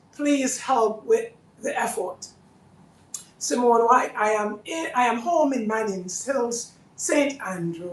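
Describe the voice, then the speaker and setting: A woman with a Jamaican accent hosting a live charity appeal over a phone, speaking in an earnest, pleading way that repeats itself. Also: a little high. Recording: echoey room, voice a bit far off.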